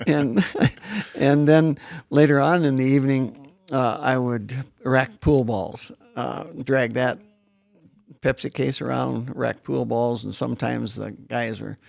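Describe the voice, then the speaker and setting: A man's voice: mid-range voice, level tone, slow pace, gravelly, darkish tone. A man in his late seventies from northern South Dakota, whose first language was German, telling his life story as an interview guest in a leisurely, reminiscing way with frequent restarts. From northern South Dakota, USA. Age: 70s. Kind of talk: casual interview conversation.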